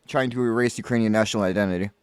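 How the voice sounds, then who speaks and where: A man's voice: fairly low pitch, fairly even intonation, very fast, darkish tone, clear, resonant tone, no room sound, clean studio sound. A man cohosting a casual podcast who earnestly explains facts. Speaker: podcast co-host.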